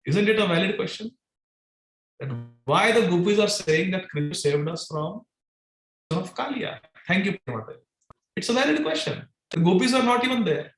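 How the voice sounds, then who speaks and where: Animated male devotional lecturer, echoey room. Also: sits high, normal speed. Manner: animated, dramatic, voices the gopis' sarcastic questions. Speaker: speaker giving a scripture class. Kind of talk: devotional lecture with chanted Sanskrit verses.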